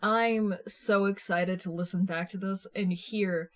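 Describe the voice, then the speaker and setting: A woman's voice: mid-range voice, a little slow. Casual, foul-mouthed woman reading fan fiction. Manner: casual, profane, lively. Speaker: podfic reader. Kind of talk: fan fiction audiobook narration.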